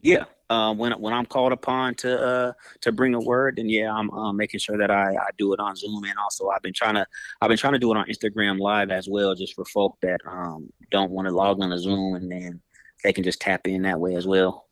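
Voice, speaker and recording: A man's voice: on the low side, level tone, brisk, fairly bright tone, no room sound. A man talking as a guest preacher in a casual podcast chat, in a laid-back, drawling way with trailing restarts.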